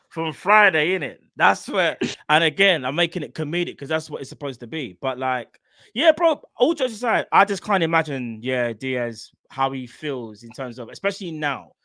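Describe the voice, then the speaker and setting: Young man, casual football chat, very animated, dry close sound. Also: on the high side, normal speed, no room sound. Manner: animated, slangy, jokey. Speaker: football podcast co-host.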